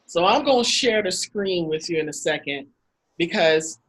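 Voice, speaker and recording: Husky-voiced woman telling stories. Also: on the low side, moderate pace, rough recording. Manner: animated anecdotes, acts out quotes with laughs. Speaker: host. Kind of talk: casual storytelling talk. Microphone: video call.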